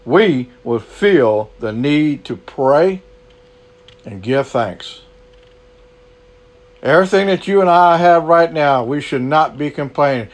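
A man's voice: on the high side, lively intonation, slow, pauses often. A man preaching a sermon, earnest and repetitive, stretching words for emphasis.

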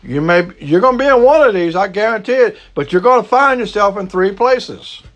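A man with a Cajun accent from the American South, preaching a sermon with emphatic repetition and sudden low, slow drops for emphasis. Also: expressive. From Southern United States. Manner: emphatic preaching, repeats key phrases, drops to a low slow hush for stress. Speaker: pastor.

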